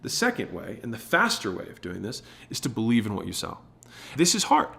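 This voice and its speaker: A man in his thirties giving a motivational business talk on sales, shifting his tone and pauses to stress his points. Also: fairly low pitch, wildly swooping pitch, gravelly, fairly bright tone, slight background noise. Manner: emphatic, varies tone and pauses to make points. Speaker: business speaker.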